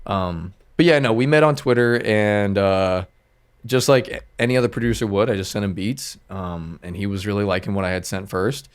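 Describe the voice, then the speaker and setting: A man's voice: lowish voice, normal speed, clean tone. A man who is a music producer, a podcast guest talking in a loose, rambling way with lots of fillers. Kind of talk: casual podcast chat.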